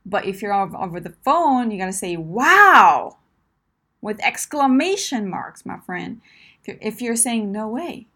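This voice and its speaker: A woman's voice: mid-range voice, animated, moderate pace. A woman coaching listeners in a direct advice talk, emphatic and encouraging, often checking in with "right?" and "my friend".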